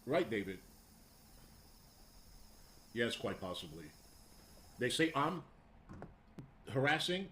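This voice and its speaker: A man's voice: medium pitch, big pitch swings, takes it slowly, long pauses, fairly bright tone, slight background noise. A man in a played stream clip, complaining defensively that he is called a harasser. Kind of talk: casual stream talk.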